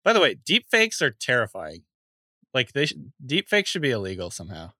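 Lively, bright-voiced male podcast co-host. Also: medium pitch, a little fast, no room sound, clean studio sound. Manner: laughs easily, hesitant, musing. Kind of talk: casual chat.

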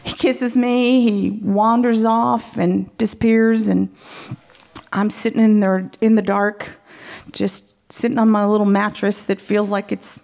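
A woman's voice: mid-range voice, little pitch movement, unhurried, gravelly, darkish tone. A woman telling a frank personal story, candid and often laughing as she talks.

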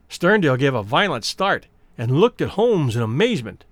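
A man narrating a story as an audiobook in a dramatic, expressive reading style. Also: fairly high pitch, moderate pace, hardly any pauses, no echo.

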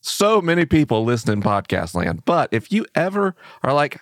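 A playful male co-host with an animated, swooping voice, chatting casually on a live-streamed show. The sound is dry and close. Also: medium pitch, normal speed, hardly any pauses, dry recording. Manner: playful, talkative, expressive.

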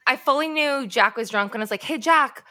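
A woman's voice: on the high side, quick pace, pushed and bright. A woman co-hosting a podcast, telling stories in casual banter with lots of laughter and put-on voices. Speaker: podcast co-host.

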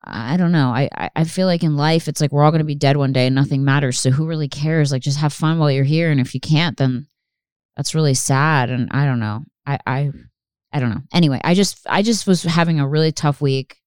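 A woman's voice: low voice, fairly quick, a little mellow, clear, resonant tone, dry recording, clean studio sound. A woman hosting a podcast in casual, rambling chat, swearing freely and peppering her talk with "like.". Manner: rambling, frequent swearing, many "like" fillers. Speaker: podcast host.

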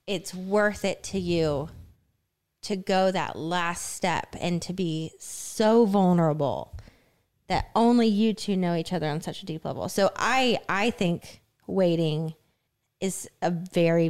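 A woman's voice: fairly low pitch, measured pace, darkish tone, clear, resonant tone. A woman co-hosting a casual reaction chat, talking earnestly and reflectively. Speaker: co-host reacting to a clip.

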